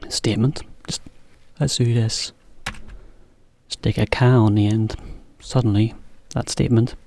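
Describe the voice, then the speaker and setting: A man giving a relaxed English lesson to Japanese learners, explaining with simple examples. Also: fairly low pitch, creaky, breathy edge, no echo. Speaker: English teacher.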